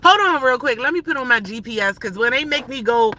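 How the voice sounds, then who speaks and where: A woman's voice: fairly high pitch, expressive, a little fast, bright, forceful tone, poor audio. A woman in her thirties livestreaming from inside her car as she drives, ranting in a heated, profane, rambling way. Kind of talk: ranting live stream while driving. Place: inside a car while driving.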